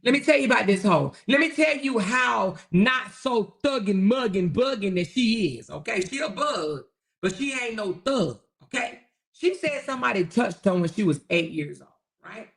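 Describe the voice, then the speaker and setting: A woman hosting her own online talk show, delivering a loud, taunting, profanity-heavy rant. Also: fairly high pitch, lively intonation, normal speed, creaky.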